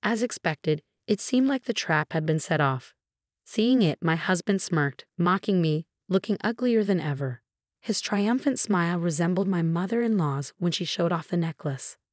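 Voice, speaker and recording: Low, dry-voiced woman narrating a story. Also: animated, moderate pace, no room sound. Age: 40s. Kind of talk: scripted first-person story narration.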